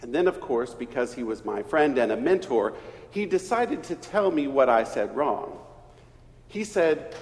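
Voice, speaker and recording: A middle-aged man from East Texas, preaching a storytelling sermon in a church. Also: very animated. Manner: slow, storytelling delivery with wide swings in pitch and volume. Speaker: pastor. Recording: reverberant church hall.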